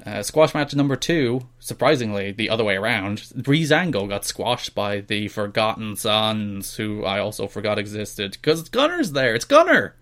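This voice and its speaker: A man co-hosting a podcast in casual chat, talking in an animated, mocking way and often laughing. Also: on the low side, moderate pace, few pauses. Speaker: podcast co-host.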